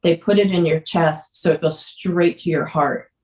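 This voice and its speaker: A woman podcast guest candidly telling a personal story, earnest and emotional, sometimes halting. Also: on the low side, darkish tone, far from the mic. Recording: roomy echo.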